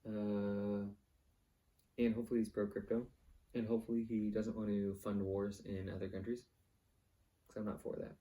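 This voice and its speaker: Lowish, level and mellow, this man's voice keeps a moderate pace broken by long pauses. As the host of his own vlog, he rants plainly, swearing frequently and rambling from one idea to another.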